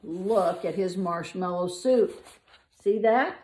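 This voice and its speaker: A woman's voice: fairly low pitch, takes it slowly, a little mellow. An older woman reading a children's book aloud, with playful asides to the listener.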